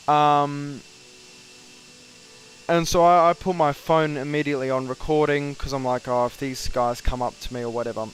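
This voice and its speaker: A man's voice: on the high side, moderate pace, pauses often, slight background noise. A young Australian man casually telling a story about work, animatedly acting out what others said. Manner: animated, quotes people in raised voices. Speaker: flight sim streamer.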